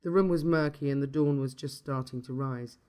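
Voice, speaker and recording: A man reading a dark short story aloud in a steady, measured storytelling manner. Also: medium pitch, clean tone. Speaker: narrator.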